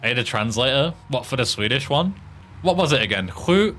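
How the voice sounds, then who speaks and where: A young British man with a British accent chats casually while streaming a game, his medium-pitched voice expressive, fairly quick, bright and forceful over faint background music. He swears often and laughs at his own tries at tongue twisters.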